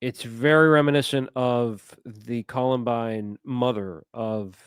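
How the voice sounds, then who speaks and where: A man's voice: medium pitch, fairly even intonation, slow pace, smooth, no room sound. A man co-hosting a podcast, chatting casually and wandering into asides while he searches for names. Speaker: podcast co-host. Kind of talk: casual chat.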